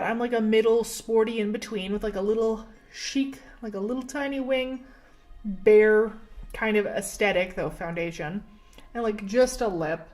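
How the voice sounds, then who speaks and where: Her voice sits a little high in this low-quality recording, with soft music faintly underneath. She's a young Canadian beauty vlogger doing her makeup at home and chatting casually, get-ready-with-me style, full of "like" and self-deprecating remarks.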